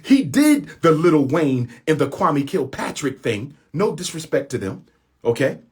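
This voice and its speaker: A man's voice: on the high side, very animated, a little slow, breathy edge. A man speaking in an impassioned monologue to his followers, using repetition and rhetorical questions in colloquial speech.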